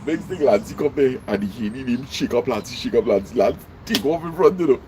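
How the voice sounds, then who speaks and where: A man with a Trinidadian accent speaks in an easy, mid-pitched voice, talking casually like a motivational vlog. He is emphatic and drives his points home by repeating them, his pitch leaping up sharply on the big lines. A faint noise sits behind him. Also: lively intonation, brisk. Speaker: vlogger.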